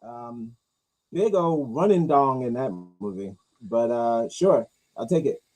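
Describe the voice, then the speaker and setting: Husky, rambling podcast host. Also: male voice, expressive, slow, rough recording. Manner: rambling, jokey, swings loud and high for bits. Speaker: podcast host reading comments. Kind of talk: casual riffing commentary.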